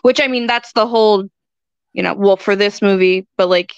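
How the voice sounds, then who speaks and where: A woman's voice: medium pitch, normal speed, clear, resonant tone, dry recording, dull audio. A woman guest on a podcast, chatting bluntly, laughing easily and swearing casually.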